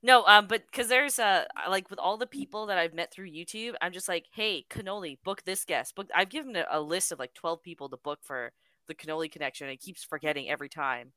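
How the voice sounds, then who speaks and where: Bright, smooth-voiced podcast regular. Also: medium pitch, fairly quick, no echo. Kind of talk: casual podcast chat.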